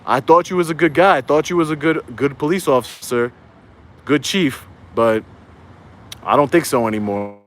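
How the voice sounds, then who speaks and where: A man's voice: on the high side, moderate pace. A man livestreaming from his phone outdoors, ranting in a heated, repetitive way and rallying his viewers. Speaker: YouTube auditor livestreaming. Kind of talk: angry livestream rant.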